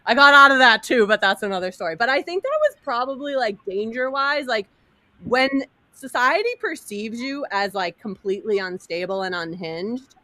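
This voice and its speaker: Bright, animated woman telling a story. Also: on the high side, moderate pace, dry recording. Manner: animated, laughing often, acting out quotes. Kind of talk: casual storytelling chat.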